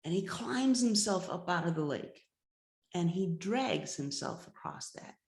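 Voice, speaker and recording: A woman, a healer and teacher, telling a story to a class, repeating words and slowing down to build suspense. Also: on the low side, expressive, vocal fry. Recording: roomy echo.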